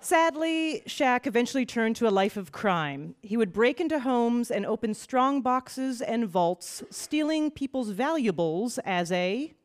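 Upbeat female quiz host with a bright, higher voice, playful with puns. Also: animated, a little slow, hardly any pauses. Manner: playful, laughs often at her own puns. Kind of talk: upbeat game show hosting.

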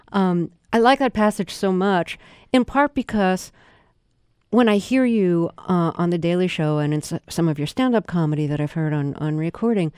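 A woman radio interviewer asking curious, measured questions from a studio mic. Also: fairly low pitch, dark tone, clean tone, no echo.

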